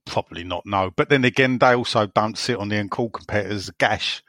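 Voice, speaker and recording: A man's voice: lowish voice, a little fast, a bit bright, no room sound, clean studio sound. A man co-hosting a casual football podcast, reading out listener messages with teasing, jokey banter and frequent laughter.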